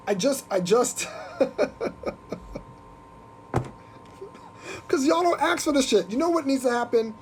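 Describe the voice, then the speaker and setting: A podcast host ranting on a live stream in an animated, profane, mocking way. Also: male voice, high-pitched, slight background noise. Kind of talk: casual live-stream rant.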